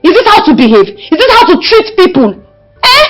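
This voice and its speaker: High, lively woman pleading and scolding. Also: normal speed, soft background music, rough recording. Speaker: actor in a family drama. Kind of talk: Nigerian village skit acting.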